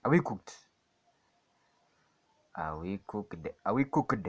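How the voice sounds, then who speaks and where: A man in casual live commentary on his own trade, rambling and questioning himself, moving between calm chart talk and excited outbursts. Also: on the low side, slow, breathy edge. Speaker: day trader narrating his screen.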